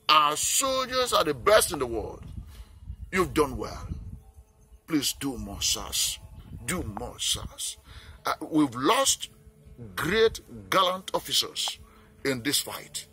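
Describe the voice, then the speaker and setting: Nigerian male campaigner, earnest and pleading, bright tense voice that swings widely. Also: fairly high pitch. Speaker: peace campaigner. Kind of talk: impassioned appeal speech.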